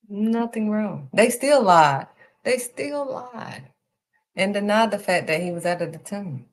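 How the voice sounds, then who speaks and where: A woman's voice: mid-range voice, lively intonation, unhurried. A woman hosting a live stream, giving a faith encouragement talk and stressing her points by repeating them. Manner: emphatic, repeats key phrases. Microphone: streaming setup.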